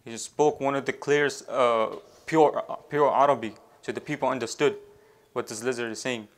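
Halting male preacher telling a story. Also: medium pitch, fairly even intonation. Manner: halting, with many fillers and restarts, weaving in devotional phrases. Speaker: Islamic preacher. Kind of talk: storytelling sermon.

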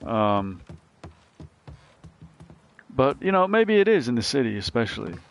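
A man giving casual let's play commentary, thinking out loud about the game as he plays. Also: mid-range voice, sing-song, unhurried, creaky. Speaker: gaming channel host.

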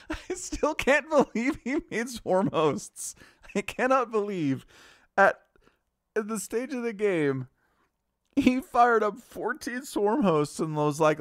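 A man doing video game commentary, animated and incredulous, laughing often and turning sarcastic. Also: high voice, dry recording, clean studio sound. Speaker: game caster.

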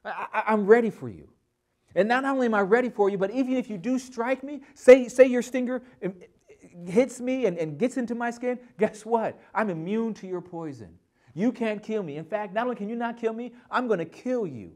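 Guy doing a cocky little desert mouse taunting, high-ish voice. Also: expressive, normal speed, a little mellow. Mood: defiant. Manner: defiant, taunting. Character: tiny fearless boastful desert mouse.

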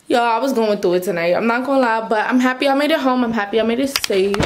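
A chatty young woman vlogging straight to her viewers, her voice sitting a bit high. She tells her stories casually and keeps calling out to her audience. A faint hiss of noise runs under her talk. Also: quick pace, hardly any pauses. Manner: chatty, addresses viewers as y'all. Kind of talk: casual vlog chat.

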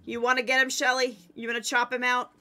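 A woman streaming a game live, commenting excitedly to her chat and teammates. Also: on the high side, fast.

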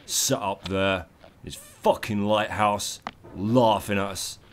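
A man doing comedic let's play commentary, profane and theatrical, yelling at the game and its maker. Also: on the low side, steady tone, takes it slowly.

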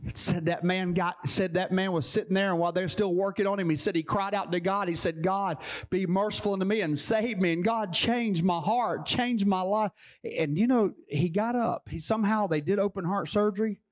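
A man's voice: high voice, normal speed. A man preaching a sermon as a pastor, telling a story with emphatic repetition.

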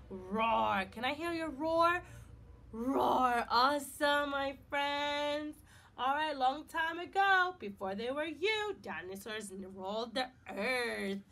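A woman leads a preschool lesson in a high, bright voice that swoops up and down. She speaks slowly and warmly encouraging, with a sing-song lilt, and spells words out letter by letter. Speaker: preschool teacher. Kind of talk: online circle-time lesson for young children.

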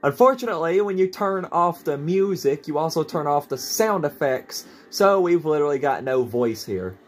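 A man's voice: on the high side, animated, moderate pace. A man giving playful, joking commentary while playing a video game. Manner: playful, jokey, talks to himself while playing. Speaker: gameplay commentator. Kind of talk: let's play commentary.

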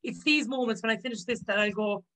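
Woman guest, heartfelt and upbeat, a bit high. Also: fast, a bit bright, low-quality recording. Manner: upbeat, heartfelt, acts out quoted speech. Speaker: podcast guest. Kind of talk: casual interview chat.

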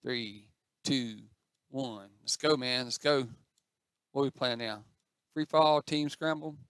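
A man's voice: medium pitch, slow pace, a bit bright, clear, resonant tone, no room sound, studio quality. A man giving chatty, self-mocking commentary as he plays an online game, talking to the other players on screen. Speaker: gaming channel host. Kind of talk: casual gameplay commentary.

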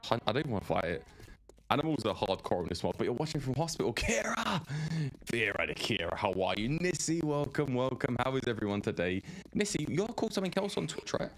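A man's voice: mid-range voice, big pitch swings, fast talker. A man giving live gameplay commentary, rambling and chatty as he greets viewers by name. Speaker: game streamer.

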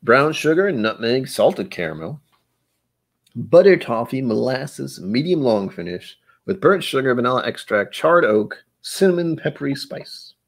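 A man's voice: mid-range voice, very animated, measured pace, creaky. A young man hosting a casual live-stream whiskey tasting, rambling playfully and breaking into silly noises and humming.

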